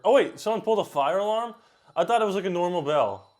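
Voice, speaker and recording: A man hosting a reaction video, chatting casually and talking back at the screen with quick outbursts. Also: high-pitched, animated, a little mellow.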